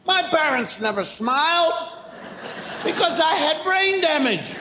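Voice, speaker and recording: A man doing a stand-up routine, exasperated, mimicking parents with rapid repeated phrases. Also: very high voice, big pitch swings, reverberant, noisy background. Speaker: stand-up comedian.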